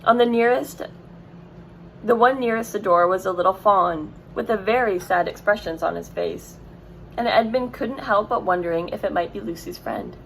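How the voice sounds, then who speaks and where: Gravelly-voiced woman reading a storybook aloud. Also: mid-range voice, moderate pace, slight background noise, rough recording. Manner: casual asides and self-corrections. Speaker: reader. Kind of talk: reading a children's book aloud.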